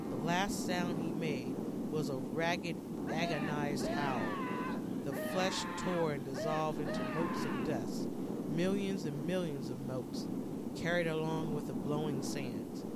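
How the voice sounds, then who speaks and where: Man narrating a dark story. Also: a little high, heavy background noise. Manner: measured, dramatic storytelling.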